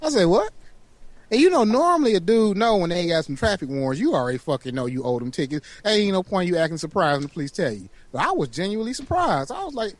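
Animated high-voiced man. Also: quick pace, dry recording. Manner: animated, profane storytelling, acts out quotes. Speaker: podcast co-host. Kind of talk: casual storytelling chat.

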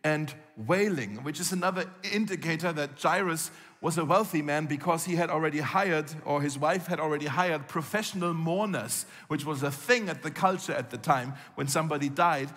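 A man's voice: a little high, a bit bright. Man preaching in a reverberant hall. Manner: conversational storytelling, acts out quoted lines. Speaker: pastor. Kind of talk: sermon.

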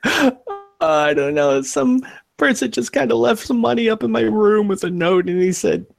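A man's voice: animated, a little slow, creaky, no echo, studio quality, full character voice. A man voicing a tiny frightened male humanoid who babbles and pleads in a panic. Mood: frightened babbling. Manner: panicky, high-pitched babbling.

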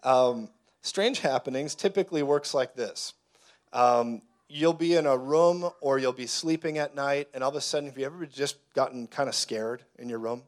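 Male preacher, casual sermon teaching, acts out dialogue, mid-range voice, conversational and lively. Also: medium pitch, normal speed. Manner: animated storyteller who acts out dialogue.

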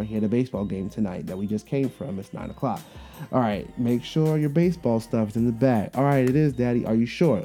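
A man in his thirties hosting a podcast, telling a casual story about his kids, animated and full of fillers, acting out their voices. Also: mid-range voice. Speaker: podcast host.

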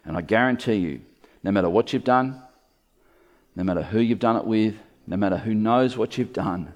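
A man's voice: on the low side, moderate pace, dull audio. A man preaching an expository sermon to a live church congregation, stressing key words and speaking directly to his listeners. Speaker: pastor.

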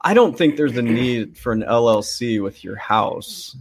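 A man's voice: mid-range voice, expressive, measured pace. A man co-hosting a podcast in casual chat, easygoing and agreeable. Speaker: podcast co-host.

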